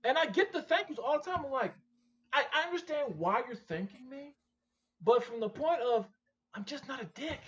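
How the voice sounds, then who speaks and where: The recording has its highs cut off, and the speaker is a man with a very high voice talking at normal speed as a guest on a casual podcast interview. A machine shop owner, he preaches more than chats, emphatic and animated, repeating himself again and again.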